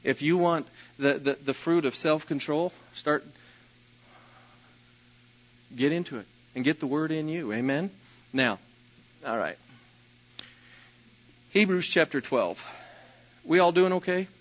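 A man preaching a sermon as pastor, telling personal stories with a self-deprecating manner and occasional loud bursts. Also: on the high side, a little slow, pauses often, highs cut off.

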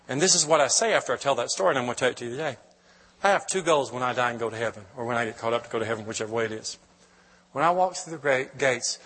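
A man's voice: medium pitch, a bit bright, slightly rough. A middle-aged man, preaching as a guest in church and telling an emotional testimony with many restarts. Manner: emotional, storytelling, with frequent restarts. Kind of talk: sermon testimony. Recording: long hall reverb.

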